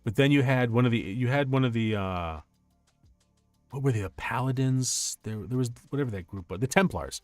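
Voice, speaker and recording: A young man streaming casual chat, telling stories in an animated, rambling way with many restarts. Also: mid-range voice, moderate pace, no echo, faint music behind.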